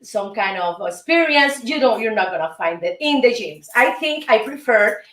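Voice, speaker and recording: A woman's voice: fairly high pitch, animated, normal speed, a bit bright. A woman from Cuba with a Cuban Spanish accent, hosting and teaching salsa steps, counting beats aloud in an upbeat, coaxing way. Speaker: host and dance teacher. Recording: roomy sound from a distant mic with music playing.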